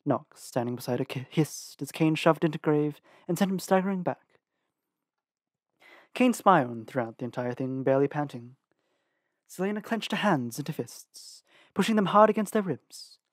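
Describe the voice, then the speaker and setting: A man narrating an audiobook with an expressive reading and lively shifts in pitch. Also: normal speed, no echo, studio quality. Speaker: audiobook reader.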